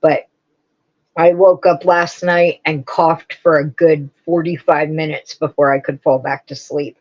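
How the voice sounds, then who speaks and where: A woman's voice: sits low, level tone, a little slow, darkish tone, muffled recording. A woman hosting a live crafting stream, rambling casually and answering her viewers' comments as she goes.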